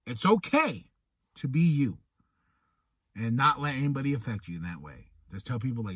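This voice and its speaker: A man's voice: mid-range voice, moderate pace, pauses often, husky, no room sound. A man hosting a podcast, talking casually and animatedly, acting out what other people say. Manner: animated, acts out quoted people. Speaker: podcast host. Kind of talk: casual monologue.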